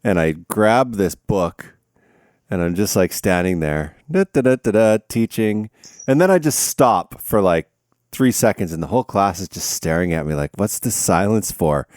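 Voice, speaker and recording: A man's voice: low-pitched, normal speed, no echo, clean studio sound. A man telling stories in a casual podcast chat, acting out the dialogue and laughing often. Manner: animated storytelling, acts out dialogue, laughs often. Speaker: podcast guest.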